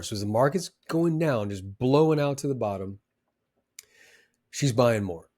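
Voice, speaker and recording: A man speaking at an ordinary middle pitch in a loose, conversational talk. He tells his stories with animated emphasis and lots of ums and uhs. His delivery sounds like a motivational talk with an advisor's tone. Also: measured pace, pauses often. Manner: animated, emphatic storyteller with many fillers. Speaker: former trader giving advice.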